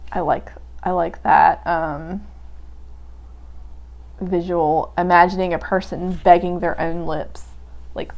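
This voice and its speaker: Slow, musing woman reading poetry. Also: on the low side, fairly even intonation, vocal fry. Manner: reflective, musing, many "like" and "um" fillers. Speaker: poetry podcast host. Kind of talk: casual poetry reading and commentary.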